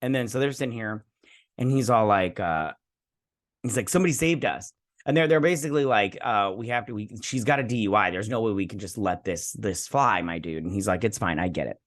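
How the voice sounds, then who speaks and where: Low-voiced man rambling through a recap. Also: a little fast. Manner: rambling retelling with many "she's like" quotes; snarky asides. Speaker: host. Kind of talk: casual episode recap and review.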